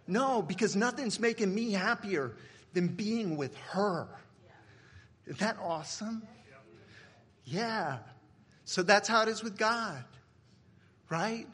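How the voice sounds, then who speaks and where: A man in his fifties preaches a sermon in a bright, forceful voice with a husky edge. He tells funny stories loudly, then drops to a hushed, reverent tone, and his voice sits a little high for a man. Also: animated, takes it slowly, pauses often. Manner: humorous storytelling, swinging from loud to hushed. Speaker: pastor.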